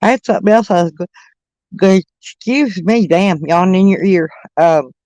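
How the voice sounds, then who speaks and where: A man's voice: sits high, moderate pace, a little mellow, no echo. A middle-aged man, chatting casually and rambling on a livestream, laughing often. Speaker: live streamer. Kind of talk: casual livestream chat with viewers.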